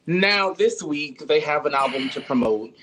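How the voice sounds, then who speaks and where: Guy cohosting, sassy and profane, bright voice, laughs a lot. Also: fairly high pitch, animated, normal speed, slight background noise, low-quality recording. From Miami, Liberty City. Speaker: podcast co-host. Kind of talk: casual chat.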